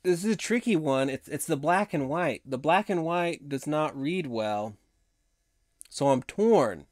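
A man hosts a live stream in a relaxed, rambling way, his voice hoarse from hours of talk. It sits a little high, and the sound is close and dry with no room around it. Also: unhurried, no room sound. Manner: chatty, rambling, laughs often. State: hoarse from long talking. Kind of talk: casual live-stream chat.

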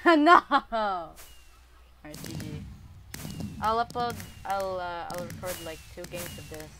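A woman with a light, thin voice giving casual, excitable commentary over her own gameplay. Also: lowish voice, slow, pauses often. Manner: excitable, chatty, bursts into laughter and cheers. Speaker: gaming YouTuber.

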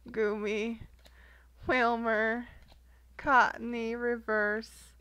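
Young woman opening card packs on camera, slow and giggly, bright highish voice. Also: flat delivery, clean tone, no echo, dull audio. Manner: slow, giggly, reading card names aloud. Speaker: card collector vlogger. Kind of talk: casual unboxing chat.

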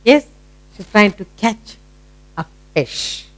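Slow sing-song Indian teacher woman. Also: mid-range voice, animated, low-quality recording. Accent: Indian English. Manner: slow, sing-song, encouraging, repeating words. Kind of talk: children's phonics lesson.

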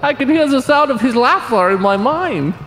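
A man's voice: medium pitch, animated, normal speed, gravelly, echoey room, big-room sound, pitched below the performer's own voice, rough recording. A man doing a theatrical mock-European accent to read game lore as a tormented man transforming after a failed ritual. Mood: anguished. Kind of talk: dramatic reading of game lore.

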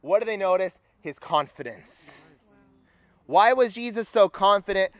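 High-voiced young man preaching. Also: a little slow, no room sound, lo-fi sound. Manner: energetic, rallying the crowd. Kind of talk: sermon. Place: campus retreat gathering.

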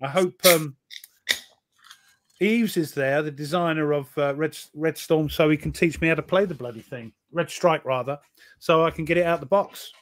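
Joking British man, higher voice. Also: normal speed, slight background noise. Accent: British English. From Britain. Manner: joking, dry teasing. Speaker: co-host. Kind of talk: casual live-stream chat.

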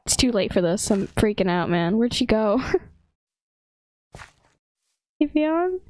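With a warm, sing-song, medium-pitched voice and a slow pace, this gaming video creator chats casually through her gameplay. She giggles a lot, breaking into frequent laughter and playfully panicked exclamations, and there's no room sound.

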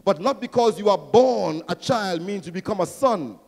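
High-voiced preacher in a big church hall. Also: male voice, lively intonation, normal speed. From Trinidad and Tobago. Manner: rousing preaching, swells to near-shouting, call-and-response questions. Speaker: pastor. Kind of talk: sermon.

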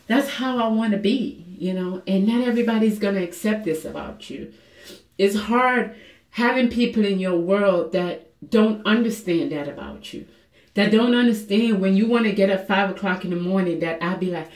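A woman talking candidly and emotionally in a personal fitness vlog, earnest and confessional, with many fillers. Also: mid-range voice. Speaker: fitness vlogger. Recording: echoey room.

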